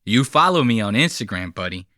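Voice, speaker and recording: A man's voice: fairly low pitch, big pitch swings, fairly quick, sharp tone, dry recording, studio quality. A man hosting his own channel, reacting to clips in a heated, profane, sarcastic rant. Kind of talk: casual commentary rant.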